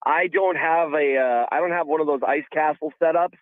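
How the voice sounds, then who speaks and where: A man's voice: fairly high pitch, normal speed, dry recording. A man calling in as a guest analyst, talking easily and laughing in a casual interview. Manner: easygoing, laughs, chatty. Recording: thin phone line.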